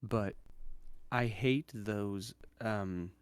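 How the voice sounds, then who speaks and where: A man's voice: on the low side, extremely slow, clean tone. Dry-witted man in book club chat. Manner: dry, wry asides. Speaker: podcast co-host.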